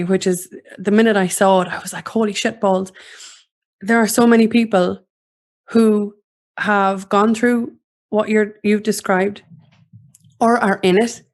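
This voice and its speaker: A woman hosting an interview, her voice held flat and level with little rise or fall. She speaks in a steady, measured way, pausing on fillers as she reads and responds. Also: medium pitch. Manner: steady, even delivery with frequent "um" fillers. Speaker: host. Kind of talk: interview, reading a post aloud.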